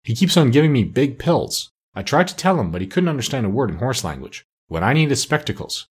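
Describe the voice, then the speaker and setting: A man's voice: mid-range voice, sing-song, brisk, breathy edge. A man voicing a grumbling, plainspoken male plow horse. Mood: complaining. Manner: complaining, plainspoken.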